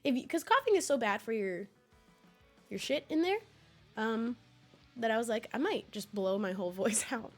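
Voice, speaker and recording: Hoarse young woman chatting with a cold. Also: fairly high pitch, expressive, moderate pace, pauses often, faint music behind. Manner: chatty and rambling, with frequent laughs and restarts. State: hoarse from a cold, sniffly and coughing. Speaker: streamer. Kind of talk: casual chat with viewers. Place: home.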